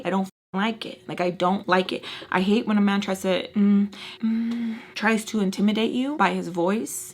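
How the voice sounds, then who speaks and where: Woman, storytime vlogger, gravelly vocal fry, mid-range pitch, blunt, swears freely, filler-heavy casual talk. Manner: blunt and heated.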